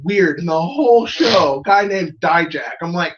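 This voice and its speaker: A man's voice: sits high, animated, a little slow, lo-fi sound, slight background noise. A man co-hosting a casual review chat, joking and laughing often. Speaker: co-host.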